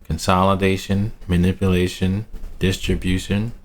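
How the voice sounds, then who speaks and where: A man's voice: deep voice, flat delivery, moderate pace. A man in a casual, rambling screen-share market review who talks to himself, uses city slang and laughs at his own asides. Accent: American urban slang. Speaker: trading analyst.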